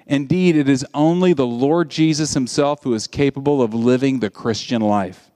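Animated man preaching a sermon. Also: medium pitch, normal speed. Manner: animated, conversational storytelling.

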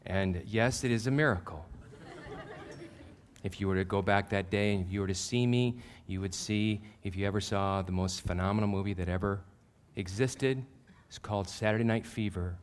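A man in his fifties, a pastor, preaching a sermon through animated, self-deprecating personal stories that get loud at the punchlines. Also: lowish voice, moderate pace, slight background noise. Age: 50s.

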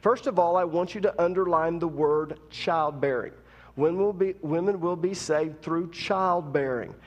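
A man's voice: a little high, a little slow, long reverb tail, highs cut off. A man preaching a sermon as pastor, talking conversationally while teaching and rising to emphatic preaching. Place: church.

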